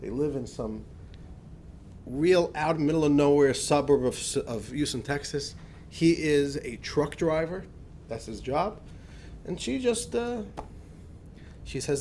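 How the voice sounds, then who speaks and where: A man, a rabbi, telling a personal story in a lively, conversational lecture with frequent restarts. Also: a little high, slow pace, pauses often, slight background noise. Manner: animated anecdotal storytelling with many restarts.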